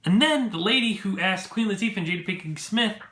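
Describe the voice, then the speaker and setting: Excitable chatty man in an echoey room. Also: high voice, a little fast. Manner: chatty and excitable, many fillers. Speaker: movie vlogger. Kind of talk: casual event recap to camera.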